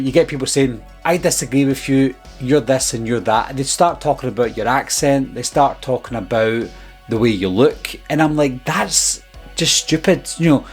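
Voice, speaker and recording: A man's voice: mid-range voice, a little mellow, breathy edge. A man speaking as a film-review YouTuber, giving an earnest, exasperated casual commentary about his critics. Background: faint background music.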